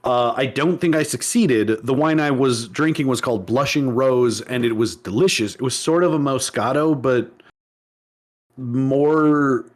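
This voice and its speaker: A man's voice: medium pitch, unhurried. A man co-hosting a podcast in casual chat, rambling with restarts and laughing often. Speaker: podcast co-host.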